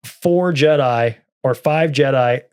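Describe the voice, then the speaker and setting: A man's voice: mid-range voice, slow, darkish tone, smooth, no room sound. A man with a mid-range voice talks animatedly, laughing as he reads passages aloud. The sound is dry and close, with no room around it. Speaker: podcast co-host. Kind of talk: casual chat, reading magazine aloud.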